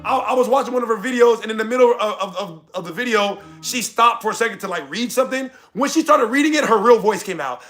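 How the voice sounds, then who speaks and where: American man, high voice, bright tone, animated rant, faint music behind. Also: fast talker, few pauses. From United States. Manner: loud, animated, cussing rants. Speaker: streamer reacting to chat. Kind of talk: casual livestream commentary.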